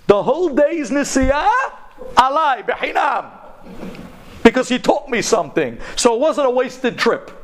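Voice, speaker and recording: A man telling an inspirational story to an audience in an animated, emphatic way, sprinkling in Hebrew terms. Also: fairly high pitch, slight background noise.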